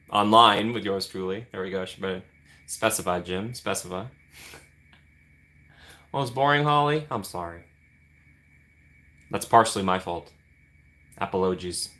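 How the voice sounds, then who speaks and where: A man's voice: on the low side, normal speed, long pauses, pushed and bright. A young man with a Midwestern American accent hosting a livestream, chatting playfully with viewers and greeting them by name. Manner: playful, chatty, reads and answers chat. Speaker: livestream host. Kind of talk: casual chat with live viewers.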